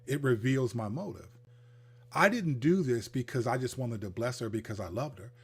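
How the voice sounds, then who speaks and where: A man hosting a livestreamed Christian teaching talk, speaking in an animated, conversational way and acting out the people he quotes. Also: medium pitch, normal speed, husky. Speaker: host, Christian counselor.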